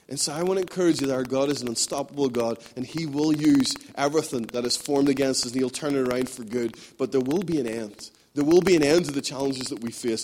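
A man's voice: mid-range voice, darkish tone, slight background noise. A man preaching a sermon, emphatic and repetitive, building his points in rhythmic runs. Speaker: pastor.

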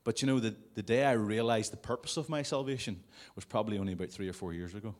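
A man's voice: on the low side, fast talker. A man preaching a sermon to a congregation in a conversational way, with jokey asides. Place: church service before a congregation.

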